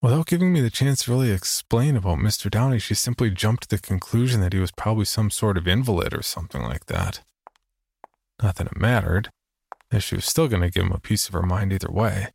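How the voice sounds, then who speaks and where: A man reading a first-person horror story in a measured, low-key scripted narration. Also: expressive, vocal fry, darkish tone, husky, no room sound.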